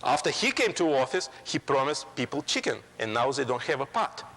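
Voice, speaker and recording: A man addresses a college audience. His voice is gravelly and rough. His English is halting, full of ums and restarts. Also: mid-range voice, sing-song, sharp tone, big-room sound. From Soviet Union. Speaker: guest lecturer. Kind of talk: public lecture.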